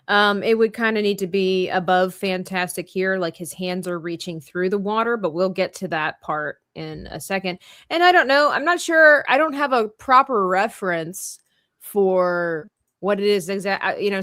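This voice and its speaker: A woman's voice: mid-range voice, a bit bright, dry recording, studio quality. A woman hosting a live drawing stream, chatting playfully and thinking aloud as she works. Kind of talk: casual chat while drawing.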